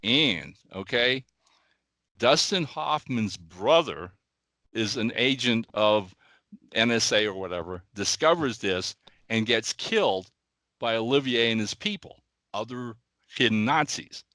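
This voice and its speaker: Older male podcast host, animated storyteller, bright forceful voice, dry close sound. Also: medium pitch, measured pace, no room sound. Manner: animated storyteller, says "all right?" often. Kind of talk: casual chat, storytelling.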